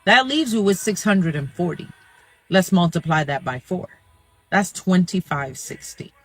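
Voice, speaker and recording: A man's voice: high-pitched, animated, a little slow, fairly bright tone, dry recording, soft background music, low-quality recording. A man explaining wages to camera, working through the numbers step by step. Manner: walks through figures step by step. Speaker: commentator.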